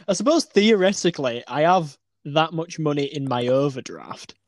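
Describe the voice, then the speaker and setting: A woman's voice: deep voice, expressive, a little slow, darkish tone, no room sound. A woman co-hosting a podcast, teasing her co-host in a dry manner. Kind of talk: casual chat.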